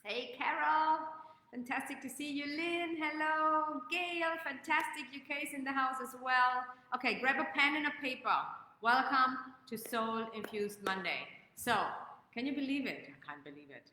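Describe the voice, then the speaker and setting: Woman, live-stream coaching host, fairly high voice, greets viewers by name, guided breathing, echoey room with long reverb. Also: moderate pace, sharp tone.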